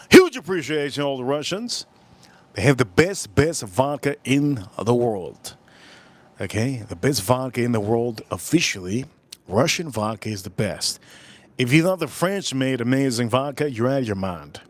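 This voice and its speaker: A man hosts a whiskey review livestream, reading chat comments aloud with crude jokes and rambling asides. His pitch swings animatedly and jumps up whenever he exclaims.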